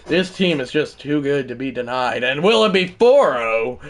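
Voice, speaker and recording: A man calling his own baseball video game like a broadcaster, shouting on big hits and rambling in self-mocking asides between plays. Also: medium pitch, expressive, normal speed, slight background noise. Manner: mock broadcaster calls that burst into shouting. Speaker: gaming streamer. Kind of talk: casual play-by-play of a video game.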